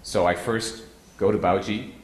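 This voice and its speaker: A man's voice: on the low side, fairly even intonation, a little slow, a little hiss or hum. A man speaking to a live audience, telling humorous stories in a rambling way with frequent hesitant fillers. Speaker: guest speaker. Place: meeting hall with an audience. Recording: roomy hall sound with faint ambience.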